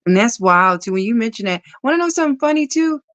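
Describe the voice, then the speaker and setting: A woman's voice: a little high, animated, fast, a bit bright, no room sound. A woman guest in a casual spiritual conversation, talking animatedly, often laughing and acting out the voices she quotes.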